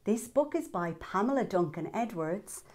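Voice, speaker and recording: A woman reading a picture book aloud to young children, lively and asking them questions. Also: mid-range voice, normal speed. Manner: lively, asks the listener questions. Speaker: children's storyteller.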